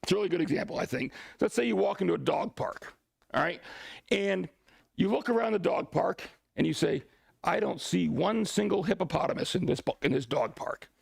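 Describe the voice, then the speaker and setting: Gravelly lively man lecturing a class. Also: high-pitched, fairly quick, dry recording. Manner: lively and joking, asides to the class. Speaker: teacher of a church class.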